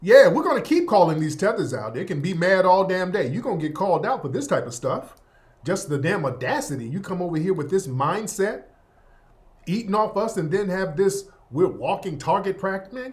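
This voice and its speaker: Blunt, heated male show host. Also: on the high side. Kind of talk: casual commentary over clips.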